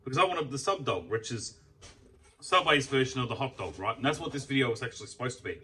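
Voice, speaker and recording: A man's voice: mid-range voice, lively intonation, quick pace, sharp tone, distant mic, a little hiss or hum, poor audio. A man chatting casually about food as he eats, rambling and swearing freely. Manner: rambling, swears freely, talks while eating. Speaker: food vlogger. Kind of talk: casual mealtime chat.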